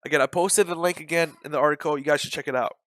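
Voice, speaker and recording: A man talking through his trades on a live day-trading stream, blunt and openly frustrated. He repeats himself to drive a point home. His voice sits a little high and comes through smooth and clear, with a dry, close sound. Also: steady tone, racing, fairly bright tone, no room sound.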